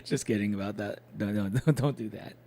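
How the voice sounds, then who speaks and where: A man's voice: lowish voice, brisk, dark tone, a little hiss or hum. A young man chatting casually with his live-stream chat, loose and swearing, with plenty of fillers.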